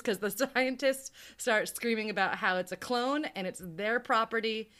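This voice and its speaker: A woman's voice: fairly high pitch, normal speed, hardly any pauses. A woman co-hosting a casual podcast, recapping a movie plot with lots of laughter and acted-out character lines. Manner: animated, laughs often, acts out characters' lines. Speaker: podcast co-host.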